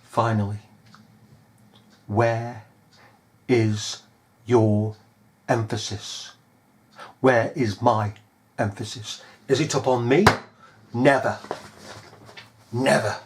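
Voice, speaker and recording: A man's voice: mid-range voice, fairly even intonation, slow pace, pauses often, darkish tone, slight background noise. A man preaching a fiery sermon, scolding his listeners with pointed rhetorical questions.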